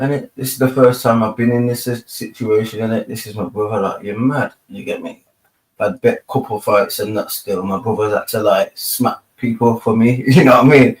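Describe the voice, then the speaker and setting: A man's voice: mid-range voice, steady tone, normal speed. A young man telling a story in casual chat, full of street slang and tag questions. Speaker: panel guest. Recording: roomy, distant from mic.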